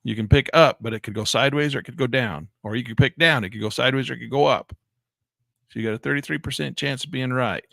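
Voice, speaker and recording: A man giving excitable live commentary on his day trades, talking to himself and exclaiming as prices move. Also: on the low side, gravelly, no echo, studio quality. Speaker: day trading educator.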